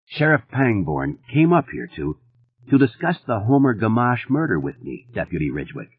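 A panicked writer presses his words out urgently, pitched above the reader's own low register, as a male narrator voices him. His husky voice swings widely, squeezed into a thin, phone-like band. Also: sing-song, moderate pace, dry recording. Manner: urgent, pleading.

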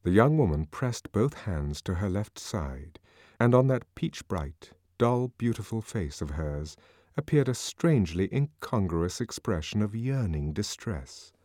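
Very animated male narrator. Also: on the low side, measured pace, dry recording, clean studio sound. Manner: dramatic, varied reading. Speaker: audiobook narrator. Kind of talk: scripted narration.

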